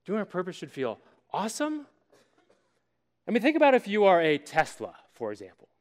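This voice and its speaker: A man delivering a sermon with an animated storytelling manner, lingering on key words and pausing for effect. His voice sits a little higher than most men's. A long reverb from a large hall trails after every phrase. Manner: animated storytelling with dramatic pauses. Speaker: pastor.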